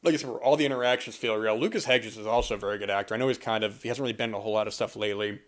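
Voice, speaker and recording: A young man from the US East Coast rambles through a casual film review, pausing on fillers and starting sentences over. His voice sits a little low. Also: steady tone. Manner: rambling, many fillers and restarts. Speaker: podcast host.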